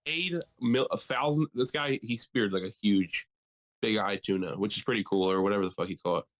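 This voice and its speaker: Fairly low and a bit bright, this young Delaware man's voice moves a little fast as he co-hosts a podcast. The casual chat is loose and rambling, profane and jokey, with him sliding into mocking impressions.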